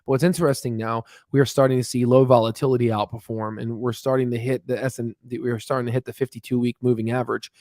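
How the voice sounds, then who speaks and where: Brief: man, mid-pitch, dry close sound, rapid chart-walkthrough teacher, lots of "uh"s. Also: level tone, a little mellow, dry recording. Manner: many fillers and restarts, talks fast on purpose. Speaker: stock market educator. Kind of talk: chart walkthrough, casual explainer.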